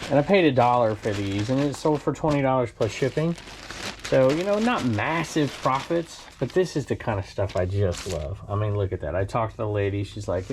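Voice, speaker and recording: A chatty man hosts his reselling vlog at a medium pitch, laughing easily as he talks. A faint hiss of noise sits behind his voice. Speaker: reseller channel host. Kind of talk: casual vlog chat.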